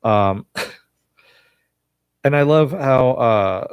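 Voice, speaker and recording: A man's voice: medium pitch, extremely slow, clear, resonant tone, dry recording, lo-fi sound. A man giving a casual live recap and review of a TV episode, rambling with many fillers and chuckling now and then.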